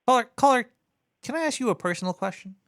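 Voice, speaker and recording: A man hosting a call-in comedy show, bantering loosely with a caller in a joking, deadpan way. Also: very high voice, fast, no room sound, clean studio sound. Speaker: radio show host taking calls.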